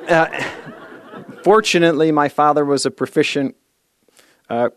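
A man's voice: a little high, moderate pace, a bit bright, no echo, a faint crowd. A man giving a playful, storytelling sermon with self-deprecating humor, leading the group through an exercise and a short meditation. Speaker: speaker at a spiritual service.

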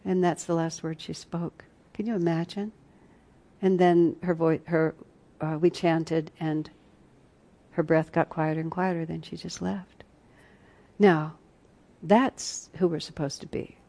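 Woman, retreat teacher; low, warm voice; earnest, reflective storyteller. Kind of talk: spiritual teaching talk with personal stories.

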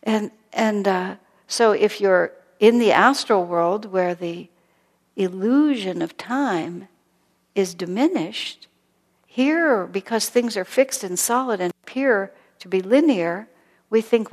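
A woman teaching a spiritual class in a gentle, reflective way, often sinking into a soft whisper. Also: mid-range voice, takes it slowly, big-room sound.

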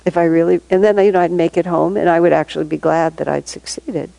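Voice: medium pitch, fairly even intonation, vocal fry, warm tone, no echo, low-quality recording. A spiritual teacher giving a reflective talk to devotees, thinking aloud with restarts and repeated words, chuckling between points. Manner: thoughtful, halting, frequent restarts and repeated words.

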